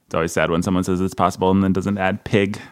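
A man's voice: low voice, level tone, quick pace, clear, resonant tone. A man hosting a podcast in casual chat, joking around, rambling and correcting himself as he goes. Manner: jokey, rambling, self-correcting. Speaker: podcast host.

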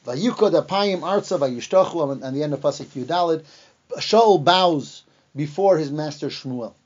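High-voiced man telling a Bible lesson. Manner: animated retelling, acting out the quoted lines; halting, with fillers and restarts. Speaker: Torah teacher. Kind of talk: storytelling lesson. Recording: dull lo-fi recording.

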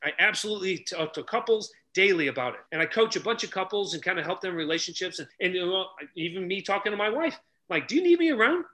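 A middle-aged man telling stories loudly on a podcast, acting out each character's lines as a relationship coach. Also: sits high, quick pace, hardly any pauses. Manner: animated, loud, acts out dialogue. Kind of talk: energetic storytelling in casual chat.

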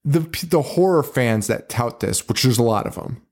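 A man's voice: medium pitch, normal speed. A man hosting a podcast, chatting casually about a movie, swearing freely and laughing often. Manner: profane, excitable, laughs often. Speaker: podcast host.

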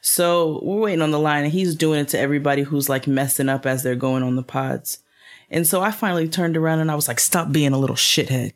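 A woman's voice: low-pitched, fairly even intonation, quick pace. A woman co-hosting a podcast, chatting casually and laughing easily. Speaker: podcast co-host. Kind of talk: casual chat.

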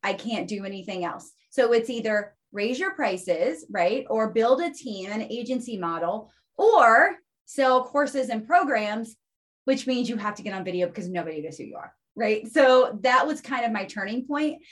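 A woman guest in a casual podcast interview, telling stories in an animated way and often tagging her points with "right?". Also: fairly high pitch, moderate pace.

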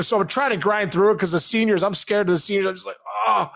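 A man co-hosting a podcast, telling a long story in casual chat, animated and laughing, calling his friend bro. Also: high voice, quick pace, vocal fry. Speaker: podcast co-host.

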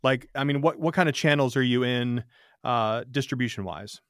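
A man hosting an interview, talking in a loose, rambling way and growing animated when he jokes. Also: medium pitch, moderate pace, clear, resonant tone, no echo, studio quality. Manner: rambling, with many fillers and restarts, animated when joking. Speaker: podcast host. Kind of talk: casual interview conversation.

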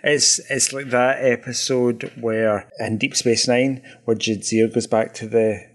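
A man's voice: medium pitch, little pitch movement, measured pace. A man co-hosting a podcast in casual chat, wry and chatty, laughing easily. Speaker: podcast co-host.

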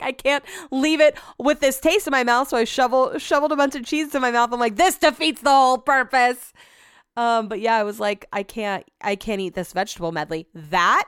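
A woman's voice: on the high side, a bit bright, clean tone, no room sound, studio quality. A young adult woman hosting a podcast, telling rambling, self-deprecating stories with many asides. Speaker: podcast host. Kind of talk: casual chat.

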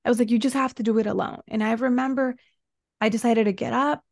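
A woman's voice: on the high side, steady tone, fast talker, vocal fry, a little mellow, no room sound, clean studio sound. A woman coach, a guest on a podcast, recounting a painful stretch of her life in an earnest, emotional way. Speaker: guest, women's soul embodiment coach. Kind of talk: personal storytelling in a podcast interview.

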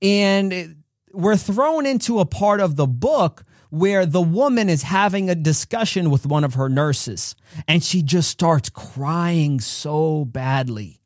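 A man's voice: fairly high pitch, animated, takes it slowly, a little mellow, dry recording, clean studio sound. A man hosting a podcast, giving an earnest, direct faith-based motivational talk full of stories. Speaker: podcast host.

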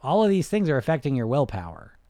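A man talks straight to his viewers as a weight-loss coach, quick and animated, piling up fillers and restarts. His voice sits at an ordinary middle pitch. The sound is dry and close, with no room around it. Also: dry recording. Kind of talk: casual direct-to-camera talk.

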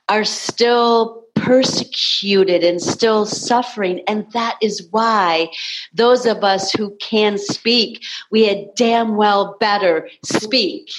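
A woman's voice: mid-range voice, very slow, slight background noise, poor audio. A woman hosting a spiritual podcast conversation, speaking in an earnest, emotional way. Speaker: podcast host.

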